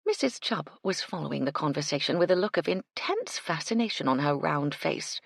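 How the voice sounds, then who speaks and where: A woman narrating a mystery audiobook in an expressive storytelling manner, on a close mic. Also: low-pitched, a little fast, creaky, hardly any pauses, husky, no room sound. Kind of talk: scripted narration.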